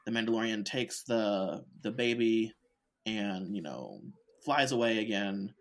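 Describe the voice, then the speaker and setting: A young adult man co-hosting a casual recap chat. He sums up the plot in a relaxed way and adds dry jokes. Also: on the low side, unhurried. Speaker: podcast co-host.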